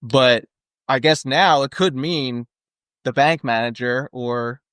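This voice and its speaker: A man's voice: mid-range voice, takes it slowly, fairly bright tone, clear, resonant tone, no room sound, studio quality. A man co-hosting a podcast, chatting casually about a movie with lots of fillers and jokey asides. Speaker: podcast co-host. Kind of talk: casual movie-discussion chat.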